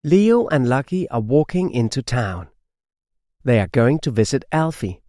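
A man reading a children's storybook aloud, slow, clear and expressive. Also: medium pitch, no room sound, clean studio sound. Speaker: audiobook narrator.

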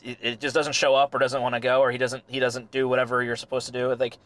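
A young adult man chatting casually, retelling stories and acting out quotes with laughter. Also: fast talker. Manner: animated storyteller, acts out quotes with rising pitch and laughter.

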